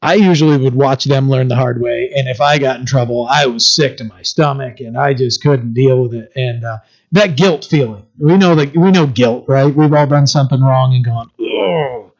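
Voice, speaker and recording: A man preaching a sermon, moving between reading scripture and telling the story in plain, conversational words. He stops for fillers and restarts often. His medium-pitched voice comes through a slightly dull, lo-fi recording. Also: moderate pace. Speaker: pastor.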